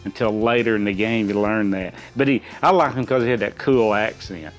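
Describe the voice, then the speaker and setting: A man's voice: fairly low pitch, a little fast, soft background music. Rambling, folksy middle-aged man. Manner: rambling and folksy, many restarts. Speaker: quiz contestant. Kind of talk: casual chat.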